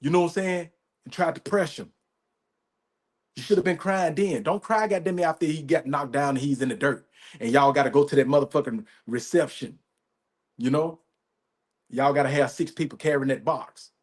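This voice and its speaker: A man with a slightly higher-pitched voice hosts a podcast. He rants, swears freely and hammers his points with repetition. He keeps checking in with his listeners as he talks. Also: normal speed, pauses often. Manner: emphatic, profane, repetitive, says "you know what I'm saying". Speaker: podcast host. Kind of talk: profane commentary rant.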